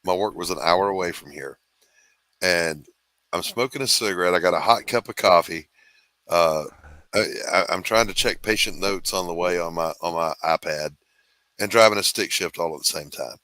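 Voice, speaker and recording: A man's voice: sits low, moderate pace, pushed and bright, dry recording. A middle-aged man hosting a casual live stream, telling laid-back stories and laughing often. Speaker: host.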